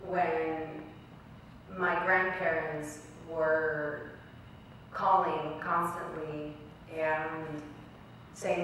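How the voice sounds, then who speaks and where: Young woman guest speaker, earnest storyteller, lowish voice, distant recording with faint background noise. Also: flat delivery, extremely slow, a bit bright. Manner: earnest storyteller, acts out quoted dialogue. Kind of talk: personal speech to an audience. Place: college event hall. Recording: very echoey hall recorded from far off.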